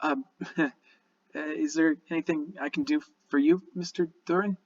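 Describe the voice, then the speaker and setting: A man's voice: a little high, steady tone, moderate pace, a little mellow, far from the mic. A man voicing a timid, three-foot male goblin blacksmith who stammers and apologizes nervously, on slightly dull audio. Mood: shy.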